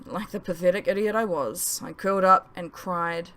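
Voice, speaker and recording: A woman's voice: fairly low pitch, moderate pace. A woman author narrating her own novel as an audiobook. She tells it in the first person, leaning into the feelings of each line. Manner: expressive first-person storytelling.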